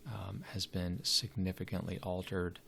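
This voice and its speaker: A man's voice: low voice, steady tone, a little slow, vocal fry, pushed and bright, a little hiss or hum. A man giving a literature lecture, hesitant and full of fillers and restarts. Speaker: literature teacher.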